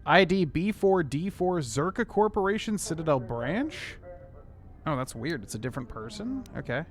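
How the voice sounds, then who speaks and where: A man's voice: on the high side, very animated, normal speed. A young man casually chatting with viewers while streaming a game, rambling with many fillers. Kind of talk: casual gameplay commentary.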